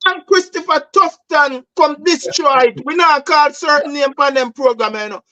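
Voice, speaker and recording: A man's voice: very high-pitched, normal speed, sharp tone, no echo, dull audio. Fired-up Jamaican man ranting on politics. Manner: passionate, emphatic, mixes patois, repeats "bro". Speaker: political talk show host. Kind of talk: heated political commentary.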